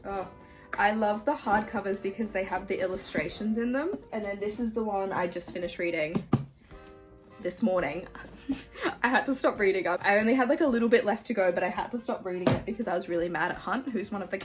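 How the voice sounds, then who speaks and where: A young Australian woman in her twenties chatting casually through a Q&A while she plays a game, gushing and animated, full of fillers and swearing. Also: medium pitch, a little fast. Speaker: YouTuber. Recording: music playing behind.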